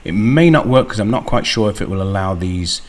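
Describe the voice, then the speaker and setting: Guy doing a screen tutorial, low voice, slow and chatty, lots of ums. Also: animated. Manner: unhurried, thinking aloud with ums. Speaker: tutorial host. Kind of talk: screen-recorded software walkthrough.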